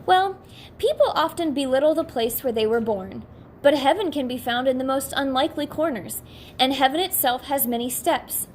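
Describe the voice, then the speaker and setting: A woman reads as a patient, unhurried guide in the afterlife, explaining things gently and evenly. The voice sits a little high, with a faint hiss behind it. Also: close to an everyday voice. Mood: calm. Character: calm, patient blue man, a heavenly guide.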